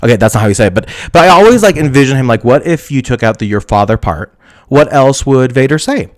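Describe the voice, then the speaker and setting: A man's voice: medium pitch, expressive, fast talker. A man hosting a live stream show in a campy, sassy, giggly way, chatting casually with his viewers.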